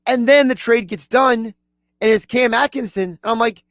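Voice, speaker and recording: A man co-hosting a sports radio show in a studio, talking fast and with strong opinions. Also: very high voice, fairly bright tone, no room sound. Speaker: radio producer and co-host. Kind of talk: casual sports radio chat.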